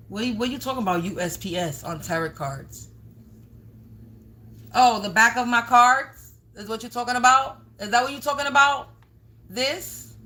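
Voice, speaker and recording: A woman tarot reader delivers a blunt, scolding monologue to her viewers on a confrontational livestream, swearing often and raising her voice at times. Her voice runs on the high side with a sharp tone.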